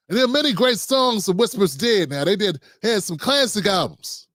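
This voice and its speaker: A man in his fifties hosts his own talk show, rambling from joke to aside in loose, slangy speech. His voice sits a touch high for a man. The sound is close and dry, with no room in it. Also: big pitch swings, normal speed, hardly any pauses, a bit bright, no room sound. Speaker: host. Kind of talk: casual political talk show monologue.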